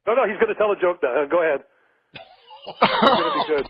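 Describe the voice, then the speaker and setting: A man's voice: sits high, very animated, fast, breathy edge, no room sound. A man from Canada, a journalist calling in to a radio show, telling a joke plainly over a tinny phone line. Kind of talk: casual radio banter.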